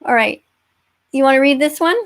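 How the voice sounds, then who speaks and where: Woman, high voice, livestream host, emphatic, moralizing, repeats her words. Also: brisk. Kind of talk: livestream chat.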